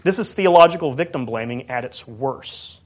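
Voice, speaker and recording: A man giving a measured academic lecture on theology and healing, stressing key points. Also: mid-range voice, lively intonation. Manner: measured, emphatic, reads out quotes.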